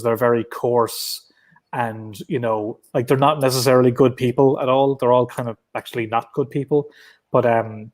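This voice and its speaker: A man with an Irish accent, a guest speaking casually from his apartment over a laptop video call, talking in loose runs full of restarts and fillers. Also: mid-range voice. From Ireland. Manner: chatty and loose, with many restarts and filler words. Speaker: guest comic writer.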